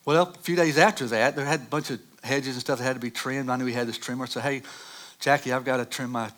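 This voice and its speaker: Bright-voiced pastor preaching. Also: male voice, medium pitch, fast. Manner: animated storytelling, rising loud on dramatic moments. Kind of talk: sermon with personal stories.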